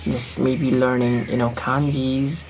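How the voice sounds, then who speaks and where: Talking to camera, a young man from Nepal rambles bluntly in filler-heavy English with an accent shaped by American movies. He speaks slowly in a medium pitch with little pitch movement, and there's background noise.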